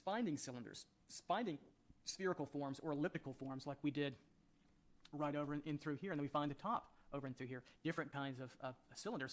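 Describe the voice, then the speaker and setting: A man talks fast while he draws, guiding viewers through each stroke of a sketch. His voice sits at an ordinary pitch. He often drops his voice and trails off as he concentrates on the work. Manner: relaxed, thinking aloud while sketching, often trailing off quietly. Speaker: drawing instructor. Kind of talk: talking while drawing.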